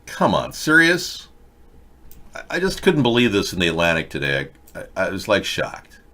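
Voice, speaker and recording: A man hosts a sarcastic political talk show in a lowish voice. He mocks and rants, jumping from bit to bit with a scornful edge. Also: huge pitch swings, a little fast, a bit bright. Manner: mocking, sarcastic, jumps between bits and rants. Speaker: host.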